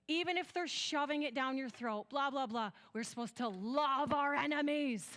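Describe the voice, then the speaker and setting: A woman's voice: high-pitched, moderate pace, fairly bright tone. A woman with a West Michigan accent giving a conference talk, earnest and storytelling, acting out bits of dialogue as she goes. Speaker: conference speaker.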